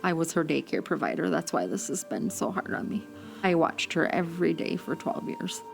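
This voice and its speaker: Gravelly, emotional woman over music. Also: sits low, expressive, normal speed. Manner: emotional, eager. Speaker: aunt. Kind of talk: interview.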